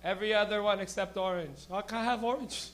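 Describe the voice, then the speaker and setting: A young man emceeing a small comedy stage, his voice high and bright as he rambles and giggles through stoned crowd banter. He talks into a handheld stage mic. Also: steady tone, brisk. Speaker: comedy show host. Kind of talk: stand-up crowd work.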